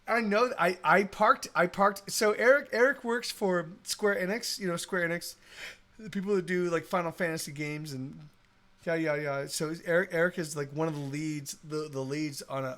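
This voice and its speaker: A man's voice: high voice, fairly bright tone. A man musician chatting casually on a live stream, rambling with lots of restarts and swearing, with a Texan accent. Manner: rambling, swears a lot, many restarts and fillers.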